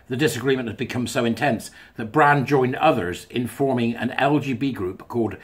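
A man's voice: mid-range voice, fairly bright tone, breathy edge. A man reading a thread aloud and adding chatty, wry asides as a commentator. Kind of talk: casual monologue reading and commenting.

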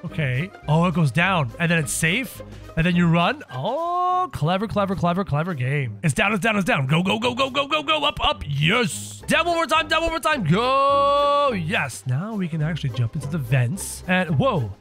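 Lively high-voiced gaming commentator. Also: male voice, moderate pace, gravelly, soft background music. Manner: playful, sarcastic, exclaiming. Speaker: gaming video host. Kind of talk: let's-play commentary.

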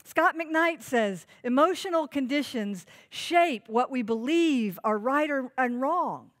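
A woman's voice: high-pitched, lively intonation, slow, fairly bright tone. A woman pastor preaching a sermon in an earnest, emphatic way, asking the congregation rhetorical questions.

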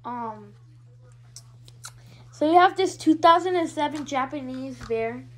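A woman's voice: sits high, expressive, measured pace, a bit bright, low-quality recording. A female vlogger showing her toy collection in a hyper, giggly, rambling way. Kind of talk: casual show-and-tell vlog.

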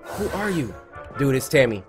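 A man giving lively let's play commentary, joking and shouting as he plays a horror game. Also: medium pitch, moderate pace, music in the background. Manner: animated, yelps and jokes while playing. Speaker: gaming video host.

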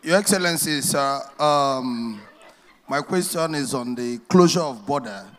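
A man's voice: medium pitch, expressive, measured pace, a bit bright. A man from Imo State with a Nigerian accent asking a question from the audience, polite and hesitant.

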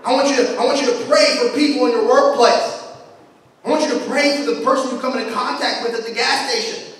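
A young man preaches a fervent sermon, his voice pitched very high and driving through repeated refrains. He sounds caught from far across a big church, wrapped in a long, booming echo. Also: steady tone, a little fast, fairly bright tone. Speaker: pastor. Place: large echoey church sanctuary. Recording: echoey hall, voice from far off.

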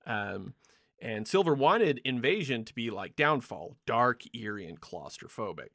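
A man's voice: medium pitch, big pitch swings, a little slow, fairly bright tone, dry recording, clean studio sound. A man hosting a casual film podcast, talking loosely with lots of laughter and filler words. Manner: laughs often, loose and joking, many fillers. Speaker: podcast host.

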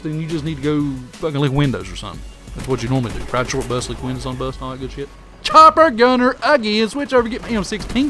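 A man's voice: high voice, fairly bright tone. A man with a Southern hillbilly drawl giving crude, trash-talking commentary over his own shooter gameplay. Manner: brash trash-talking hillbilly persona, crude insults at opponents. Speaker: gaming commentator.

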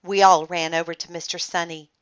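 A woman reading a children's book aloud in an expressive, animated storytelling manner. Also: lowish voice, a little fast, smooth, muffled recording.

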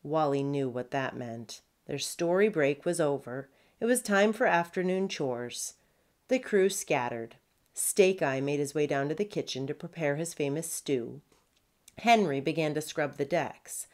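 A woman's voice: deep voice, measured pace, darkish tone. A woman author reading her children's chapter book aloud, expressively. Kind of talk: children's storybook read-aloud.

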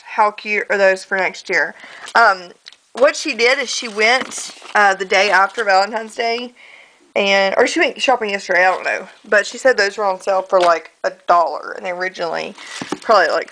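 A woman's voice: mid-range voice, normal speed, sharp tone. Chatty woman vlogging in an echoey room. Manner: chatty, rambling, full of ums and likes. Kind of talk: casual daily vlog chat. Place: indoors at home, walking between rooms. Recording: echoey room, faint background noise.

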